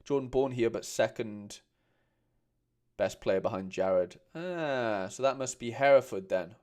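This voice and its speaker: A man's voice: medium pitch, a little slow, a little mellow. Chatty man on a livestream. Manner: chatty, reads out viewer comments, calls people mate. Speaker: host. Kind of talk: casual livestream chat.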